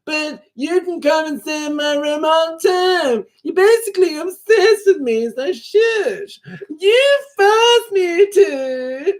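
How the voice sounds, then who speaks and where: A man's voice: very high-pitched, lively intonation, slow pace, pitched above the performer's own voice, heavily acted. A man putting on a squealing, petulant sibling.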